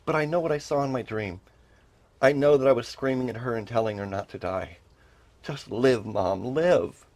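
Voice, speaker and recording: A man's voice: medium pitch, brisk, darkish tone, no room sound. A middle-aged man telling a personal story with emotion, earnestly repeating phrases and rising into pleading.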